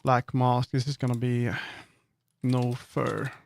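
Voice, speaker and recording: A man's voice: medium pitch, completely flat delivery, takes it slowly, gravelly. A man chatting casually on a live stream, thinking aloud and correcting himself as he works. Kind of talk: casual live-stream chat while working.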